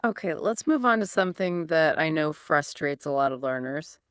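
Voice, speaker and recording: A woman's voice: low-pitched, animated, normal speed, smooth, no room sound, clean studio sound. A woman co-hosting a podcast English lesson, asking curious, prompting questions. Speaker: English teacher, podcast co-host. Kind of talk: scripted podcast lesson dialogue.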